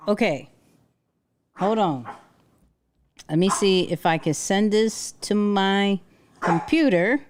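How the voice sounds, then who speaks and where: A woman's voice: mid-range voice, animated, slow, long pauses, darkish tone, slight background noise. A woman hosting a casual livestream from home, chatting with viewers and talking to her dog. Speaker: livestream host.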